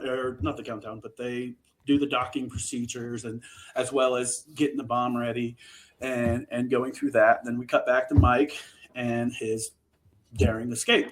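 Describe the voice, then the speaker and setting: A man hosting a podcast, recapping a book in a casual chat, animated and swearing freely. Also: medium pitch, low-quality recording. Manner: animated, profane, full of restarts. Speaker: podcast host.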